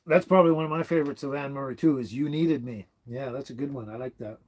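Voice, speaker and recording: This Canadian livestream host, a man in his seventies, talks fast as he wanders from one viewer comment to the next in casual chat. His voice is mid-range and darkish.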